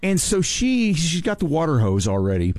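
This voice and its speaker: A man hosting a talk show, telling a story in an animated, excitable way and laughing often. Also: a little high, normal speed, no room sound, studio quality. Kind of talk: casual storytelling chat.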